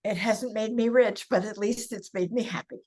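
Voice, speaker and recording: An older woman speaks as a podcast guest in a relaxed, conversational way. She is chatty and laughs easily, and she tells stories with animation. Her voice sits at a middle pitch. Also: moderate pace. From California. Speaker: guest, massage therapist for seniors. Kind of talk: casual interview chat.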